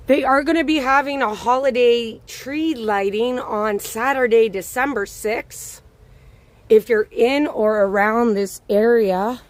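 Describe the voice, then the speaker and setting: Woman, slightly high voice, slow unhurried pace, chatty live-stream tour host, greets viewers by name, handheld phone outdoors. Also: no echo. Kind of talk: live-stream walking commentary. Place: outdoors on a snowy city walk.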